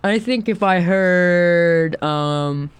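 A man with a high, smooth voice co-hosts a radio show in loose, playful chat. He laughs easily and thinks out loud. The sound is dry and close. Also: very slow, dry recording. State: sunburnt. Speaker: radio co-host. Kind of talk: casual chat.

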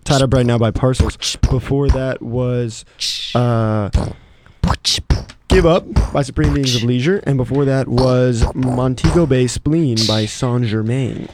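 A man hosting a radio show, chatting casually and introducing songs in a relaxed, rambling way. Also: medium pitch, a little slow, a little hiss or hum. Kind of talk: casual college radio banter. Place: radio studio. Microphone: studio microphone.

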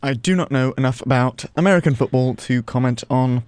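A man's voice: medium pitch, a little fast, darkish tone, clear, resonant tone, dry recording. A young man hosting a college radio show, announcing songs steadily and teasing his co-host. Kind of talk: radio announcing and casual banter. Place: radio studio.

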